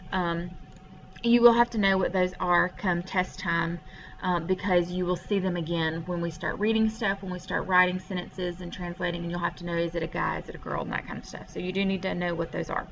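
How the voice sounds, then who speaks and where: A woman's voice: lowish voice, pushed and bright, slight background noise. Woman french teacher recording a lesson from home, patient, lots of ums, kinda dull lo-fi mic. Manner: patient, explains step by step with many ums. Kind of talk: recorded classroom lesson over a screen share.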